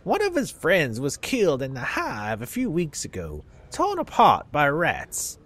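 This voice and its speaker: A sharp-tongued old barfly drawls his gossip in a thin, raised Southern voice, as a man puts him on. His pitch leaps and dips all over while he sneers at everyone he names. It sounds like a homemade game reading. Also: wildly swooping pitch, measured pace, husky, heavily acted. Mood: gossipy. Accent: Southern US, put on. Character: crusty old male bar regular, gossipy, scornful.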